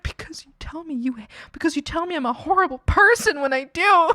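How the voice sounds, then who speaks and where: A woman streaming while she works on art, telling stories in a casual, animated way, acting out quotes and laughing often. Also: sits high, brisk, no echo, studio quality. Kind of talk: casual chat while drawing.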